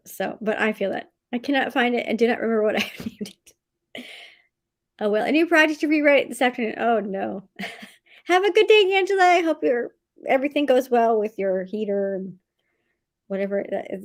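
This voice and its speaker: A woman hosts a relaxed live writing session from home, greeting people and reading their comments aloud. Her voice sits a little high and swings widely. When she gets excited it shoots up, and she laughs often between lines. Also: vocal fry. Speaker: livestream host of writing sprints. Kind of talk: casual livestream chat, reading out viewer comments.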